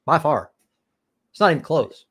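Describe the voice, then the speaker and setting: A man's voice: a little high, animated, normal speed, a bit bright, husky. A man from the United States hosting a live stream, chatting crudely and rambling with restarts. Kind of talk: casual crude chat.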